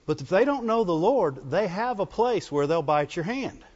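A man's voice: sits high, very animated, normal speed, a little mellow. A man preaching a folksy sermon in church, calling out to the congregation for amens as he goes. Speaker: pastor. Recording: dull lo-fi recording with long reverb.

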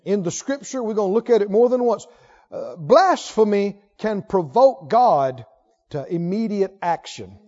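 A man preaching a sermon in a church, fervent and emphatic, swinging from loud to hushed. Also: high-pitched, expressive, measured pace. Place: church sanctuary. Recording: lo-fi recording with long hall reverb.

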